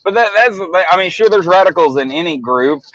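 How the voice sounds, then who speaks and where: A man's voice: high-pitched, lively intonation, a little fast, a bit bright. Blunt, rambling man on a livestream. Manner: blunt, profane, rambling with many restarts. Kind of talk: casual livestream chat. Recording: muffled dry lo-fi audio.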